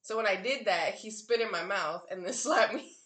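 A woman's voice: mid-range voice, moderate pace, fairly bright tone, echoey room. A woman telling a crude story in casual podcast chat, laughing often. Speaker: podcast co-host.

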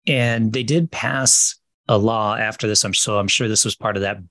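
A man's voice: lowish voice, steady tone, normal speed, sharp tone, no room sound. A man co-hosting a casual history podcast, explaining events steadily and correcting himself now and then. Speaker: podcast co-host.

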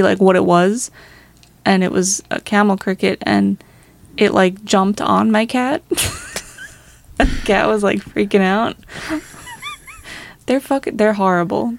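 A woman's voice: mid-range voice, vocal fry. A young woman co-hosting a podcast, telling a story in casual chat. She rambles, swears a lot and laughs between phrases. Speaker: podcast co-host.

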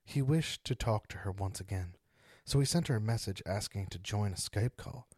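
A man's voice: on the low side, normal speed, a little mellow, slightly rough, no echo, clean studio sound. A man hosting a casual podcast, joking around and reading spooky stories aloud with dramatic emphasis. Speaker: podcast host.

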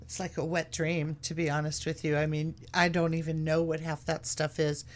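A woman guest in a casual chat who talks in a relaxed way with frequent hesitations. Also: low-pitched, normal speed. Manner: relaxed, hesitant, many ums.

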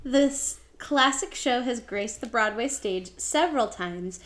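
Woman, podcast host, light teasing manner, scripted narration, higher pitch. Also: animated, slow pace, a bit bright.

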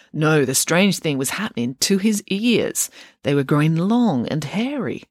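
Woman, storybook narration, expressive, animated, dry close sound. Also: deep voice, a little slow, no room sound. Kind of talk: storybook read-aloud.

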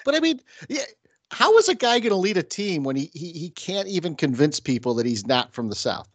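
Middle-aged upstate New York man, lively ranting podcast host, dry close sound. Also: on the high side, brisk, breathy edge, no room sound. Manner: ranting, mimics fans in sudden bursts. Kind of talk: casual sports chat.

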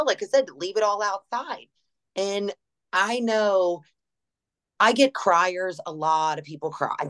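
A woman, a gym's general manager, telling stories in an interview and acting out quotes as she goes. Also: on the low side. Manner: animated, laughing, acts out quotes. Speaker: gym general manager, guest. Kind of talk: casual interview storytelling.

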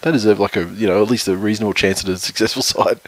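Man, lowish voice, laughs a lot, swears, casual banter. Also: rapid-fire. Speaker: podcast co-host. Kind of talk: casual sports chat.

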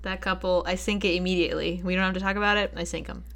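A woman's voice: on the low side, little pitch movement, very fast, fairly bright tone. A young woman co-hosting a casual book podcast, chiming in with playful, joking reactions. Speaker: podcast co-host.

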